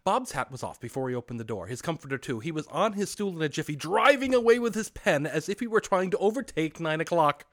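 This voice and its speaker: A man narrating a classic story aloud with animated expression. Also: a little high, fast talker, few pauses. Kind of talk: storybook reading.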